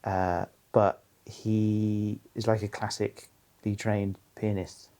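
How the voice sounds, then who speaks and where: Low-voiced comedian in casual chat. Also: male voice, level tone, slow, warm tone. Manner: loose, filler-heavy, agreeable. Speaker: stand-up comedian guest.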